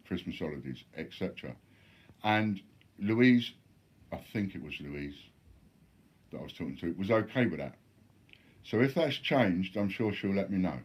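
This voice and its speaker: A man's voice: low voice, muffled recording. A man replying bluntly to viewer chat during a live stream, swearing freely.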